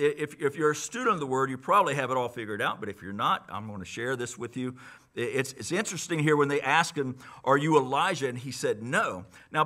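A man preaching a sermon as pastor, teaching conversationally with lots of restarts and asides. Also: mid-range voice. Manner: conversational, animated Bible teaching with many restarts.

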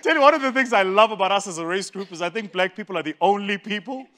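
A South African man with a high, bright-toned speaking voice tells a funny story to a live crowd. He keeps it lively and conversational, punching the jokes with relish. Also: fast talker. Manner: animated, joking, conversational. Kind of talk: humorous storytelling talk.

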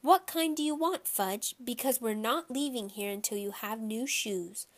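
A woman's voice: a little high, a little slow. A woman voicing a fussy, anxious mother of two boys, fretful and pleading. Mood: coaxing firm.

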